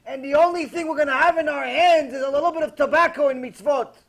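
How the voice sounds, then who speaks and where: A man's voice: very high voice, quick pace, a bit bright, voice pushed up, low-quality recording. A man voicing a revered old sage who is grieving, speaking solemnly.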